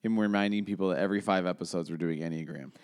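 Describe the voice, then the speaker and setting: A woman co-hosting a podcast, her voice strikingly low for a woman. She chats casually and jokes around with her co-host. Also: very fast, darkish tone. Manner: jokey, playful banter. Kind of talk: casual chat.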